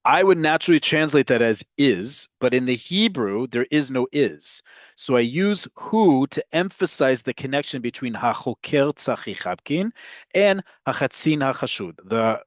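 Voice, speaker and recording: A man's voice: medium pitch, animated, normal speed, dry recording, dull audio. A man teaching an online lesson on Hebrew grammar, explaining step by step and often checking in with "right?".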